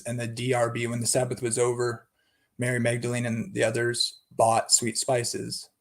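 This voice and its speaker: A man giving an unscripted Bible study talk, thinking aloud with many restarts and asides. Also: mid-range voice.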